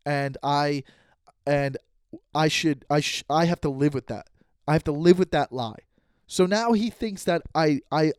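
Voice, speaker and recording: A man's voice: fairly high pitch, darkish tone, dry recording, studio quality. A man hosting his own podcast, telling a story in a heated, swearing way and acting out both sides of an argument. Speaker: podcast host and stand-up comedian. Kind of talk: casual solo podcast storytelling.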